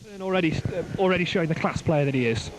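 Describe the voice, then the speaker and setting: A man commentates on a rugby match from the side of an outdoor ground, his voice sitting high. He gets excited as play builds and drops in joking asides. The amateur recording is full of outdoor and traffic noise. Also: fast.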